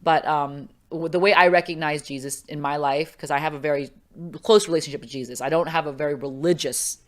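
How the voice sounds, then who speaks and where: A woman's voice: low-pitched, a little fast. A middle-aged woman talking casually as an interview guest, telling a personal story with lots of fillers and acted-out voices. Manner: animated, acts out quoted voices, many fillers. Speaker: podcast guest.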